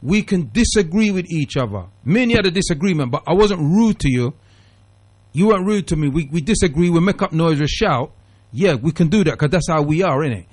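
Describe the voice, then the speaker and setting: Talk radio host reining in a caller. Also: male voice, a little high, fairly quick. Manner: interjecting, calming callers, explains at length.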